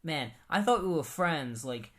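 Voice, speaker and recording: A whiny, hurt young man pleads with a friend who left him behind, his voice pitched up and complaining, as a man puts him on while retelling a comic. The tone stays plaintive and wounded throughout. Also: animated, unhurried. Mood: hurt, pleading.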